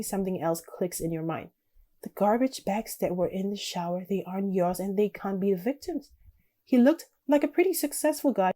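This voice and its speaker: Mellow-voiced woman reading a text game. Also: medium pitch. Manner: chatty, thinks aloud about choices. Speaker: YouTuber playing a text game.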